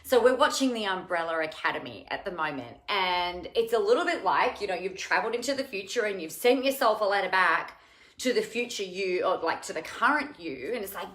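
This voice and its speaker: Woman, from Australia, live-stream host, rambling casual chat, bright tense voice, echoey room. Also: mid-range voice, expressive, a little fast. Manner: chatty, rambling, greets viewers by name. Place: home room with cats.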